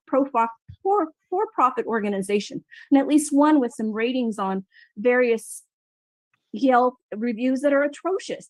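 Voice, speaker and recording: A woman on a city council speaking with passion and emphatic, halting restarts at a council meeting. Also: fairly high pitch, dry recording.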